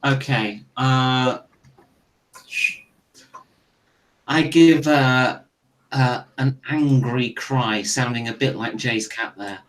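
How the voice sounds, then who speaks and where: A man's voice: mid-range voice, slow, long pauses, a bit bright. A man playing a tabletop role-playing game, thinking aloud and hesitating as he declares actions. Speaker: player. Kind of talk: casual tabletop play. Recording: distant from mic, faint noise.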